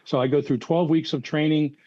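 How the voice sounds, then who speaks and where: Older Philly ex-profiler, dull dry audio. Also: male voice, on the high side, steady tone, brisk, warm tone, no room sound. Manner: rambling anecdotes with many restarts and fillers. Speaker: guest, former FBI profiler. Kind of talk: casual podcast storytelling.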